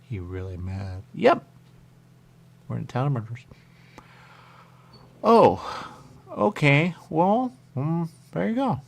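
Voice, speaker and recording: A male radio host rambles casually through a game, half talking to himself. His voice has a gravelly fry, and his pitch jumps up and down as he reacts. He keeps a loose, chatty delivery. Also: big pitch swings, slow, pauses often.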